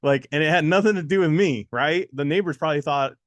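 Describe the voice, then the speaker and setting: A man co-hosting a test-prep show in casual motivational talk, telling stories with animated quotes and repeating lines for emphasis. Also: a little high, quick pace, no room sound.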